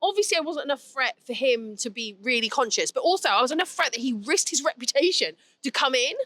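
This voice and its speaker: A woman hosting a casual podcast chat, telling stories in an animated way with quick asides. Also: high voice, no echo. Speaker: podcast host.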